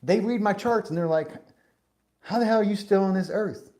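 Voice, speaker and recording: A man putting on the voice of an energetic old man with a Southern US drawl, telling a folksy tale with amazement. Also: high voice, normal speed, pitched above the performer's own voice, natural voice. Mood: incredulous.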